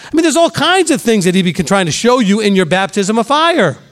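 A man's voice: high voice, big pitch swings, fairly quick, fairly bright tone. A middle-aged male pastor giving a sermon, emphatic and repetitive, now and then mimicking gossiping people. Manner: emphatic, repeats for stress, acts out gossiping voices.

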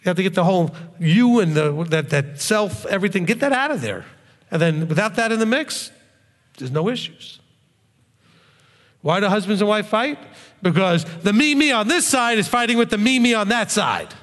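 A man's voice: sits high, expressive, moderate pace, fairly bright tone. A man preaching a sermon to his congregation as their rabbi, talking conversationally and often checking in with "okay?". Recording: long reverb of a hall.

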